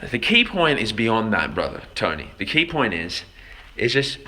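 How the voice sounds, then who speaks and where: Speaking at normal speed, a man with a fairly low, pushed, bright voice swings his pitch widely as he rants crudely on a livestream. He talks back to his chat and repeats words while trying to find them.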